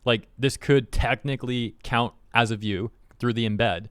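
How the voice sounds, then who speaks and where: A man's voice: mid-range voice, fairly even intonation, clear, resonant tone, no echo, clean studio sound. A man giving casual, skeptical commentary as a YouTube host, reading posts aloud and picking them apart. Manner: skeptical, wry, quick commentary.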